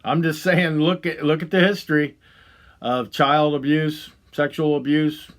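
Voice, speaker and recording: A man hosting a podcast, delivering a profane, heated monologue that swings between loud outbursts and low muttering. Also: little pitch movement, a little slow. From Ohio. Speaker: podcast host. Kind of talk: angry ranting monologue.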